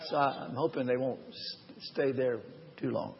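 A man's voice: medium pitch, fairly even intonation, vocal fry, slight background noise. Preacher man in an echoey hall. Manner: earnest, personal storytelling with emphatic slowed phrases. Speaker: pastor. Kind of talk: sermon. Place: church or large hall, live. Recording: long hall reverb, dull lo-fi sound.

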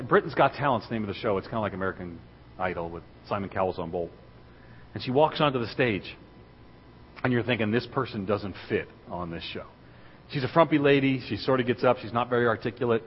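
A man's voice: mid-range voice, slight background noise. Man preaching in an echoing church hall. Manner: storytelling, building to loud excited preaching. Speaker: guest speaker. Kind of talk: sermon. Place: church sanctuary. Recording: dull recording in a reverberant hall.

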